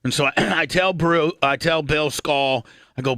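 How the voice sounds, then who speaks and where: A man in his fifties hosting a radio talk show, telling a rambling, profane story and clearing his throat often. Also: a little high, moderate pace, bright, forceful tone, dry recording, studio quality.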